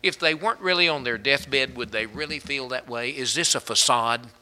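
A man preaching a sermon, asking the congregation rhetorical questions and telling humorous stories, often building to fervent, louder passages. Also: mid-range voice, moderate pace. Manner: humorous anecdotes with fillers.

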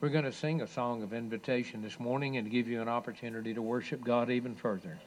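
A man preaching a sermon, emphatic, with loud raised passages and soft drops. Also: medium pitch.

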